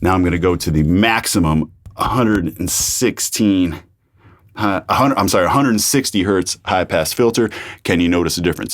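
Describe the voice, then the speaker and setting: Deep-voiced man testing studio mics. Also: moderate pace, no room sound. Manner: repeats test phrases while checking levels. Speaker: YouTube host reviewing microphones. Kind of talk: casual gear review with mic tests. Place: home recording studio. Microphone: studio condenser microphone.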